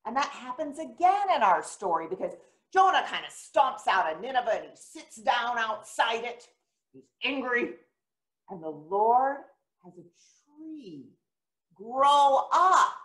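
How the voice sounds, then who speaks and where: A woman giving a children's sermon in a church, retelling a story gently and asking the children questions. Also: a little high, very animated, slow. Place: church sanctuary. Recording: echoey church room.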